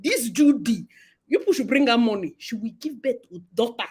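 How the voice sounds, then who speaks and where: A Nigerian woman with a husky, slightly raised voice delivers lively gossip commentary. She slips into Pidgin and acts out other people's lines with frequent laughter. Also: a little high, fairly quick. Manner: animated, mixes Pidgin, acts out quotes, laughs often. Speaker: vlogger and commentator.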